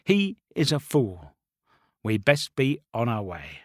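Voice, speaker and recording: A man voicing a pompous royal herald who speaks in a measured, formal way. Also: mid-range voice, wildly swooping pitch, no echo, clean studio sound, exaggerated voice.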